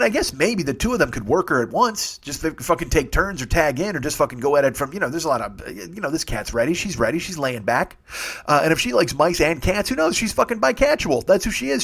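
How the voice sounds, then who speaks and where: Brief: forties male comic host, quick, profane, rambling home-podcast monologue. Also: fairly high pitch, gravelly, fairly bright tone, breathy edge. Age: 40s. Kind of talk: solo comedy monologue. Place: home studio. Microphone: studio mic with earbuds.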